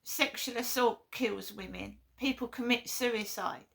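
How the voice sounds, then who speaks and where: Woman vlogger, fairly high and bright, earnest and insistent. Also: measured pace, gravelly. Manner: blunt, earnest, repeats herself. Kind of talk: impassioned monologue.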